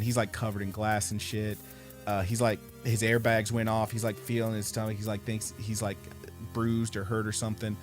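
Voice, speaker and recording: Over soft background music, a man co-hosting a podcast spins a story during casual conversation at a slightly fast clip in a mid-range voice. He swears freely and animatedly performs the voices of the people he's quoting.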